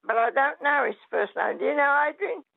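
A woman calling in to a radio show, gentle and hesitant, trailing off mid-sentence, heard over a phone line. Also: high-pitched, brisk, gravelly, no room sound. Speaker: caller. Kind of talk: casual radio call-in chat.

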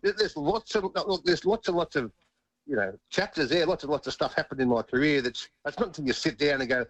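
A man's voice: fairly high pitch, expressive, fairly quick, fairly bright tone, no room sound, lo-fi sound. A middle-aged man with an Australian accent, a former footballer telling stories in an interview, chuckling and repeating words as he goes. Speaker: interview guest, former rugby league player. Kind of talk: casual storytelling interview.

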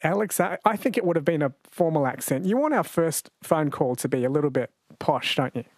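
Man, radio quiz host, slightly high voice, dry close studio sound, chatty and laughing. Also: animated, no room sound. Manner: chatty, laughs often, reads quiz questions slowly. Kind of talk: late-night radio quiz chat. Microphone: studio microphone.

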